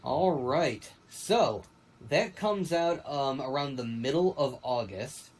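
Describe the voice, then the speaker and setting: A man runs a casual livestream chat at a middle pitch. He talks in a loose, easygoing way, pausing on ums and uhs while he keeps things moving. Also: breathy edge, poor audio. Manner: relaxed, many ums and uhs, runs the segment. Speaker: livestream host.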